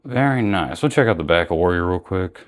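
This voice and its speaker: Deep-voiced young man reviewing toys. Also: expressive, a little fast. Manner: rambling, self-correcting. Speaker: action figure reviewer. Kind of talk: casual unboxing commentary.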